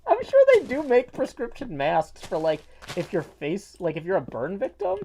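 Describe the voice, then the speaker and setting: A playful man talks to his stream chat while he plays, drifting from joke to joke. His voice comes through muffled by a mask, dark in tone, and swings widely in pitch as he riffs. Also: huge pitch swings, normal speed, a little hiss or hum. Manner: rambling, playful, jokey asides. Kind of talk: casual livestream chat while gaming. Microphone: mask worn over the face.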